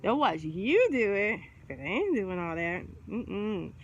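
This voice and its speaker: A woman's voice: medium pitch, sing-song, slow, slightly rough, muffled recording. A middle-aged woman vlogger chatting casually, rambling in slangy talk and laughing often. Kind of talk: casual chat. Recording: noisy background ambience.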